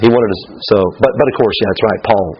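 A man teaching a Bible study class in a lively, chatty way. He laughs as he talks, restarts his sentences and acts out the scripture dialogue. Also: on the low side, fast. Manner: animated, laughing asides, stammering restarts. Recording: dull lo-fi recording with faint hiss.

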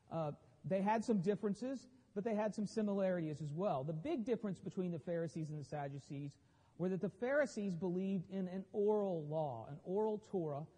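A man's voice: sits high, dark tone, husky, long reverb tail. A man explaining a Bible passage in a conversational teaching style with wry asides.

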